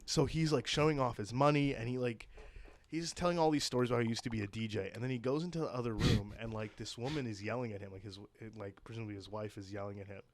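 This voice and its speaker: A young man, guesting on a podcast, tells a story casually in a mid-range voice, talking fast. He rambles, swears, and says "like" constantly.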